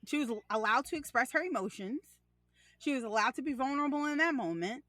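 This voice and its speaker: Young woman, podcast co-host, casual talk, animated storyteller, fairly high voice. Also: quick pace, no echo. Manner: animated storytelling, acts out her child's lines. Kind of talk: casual conversation.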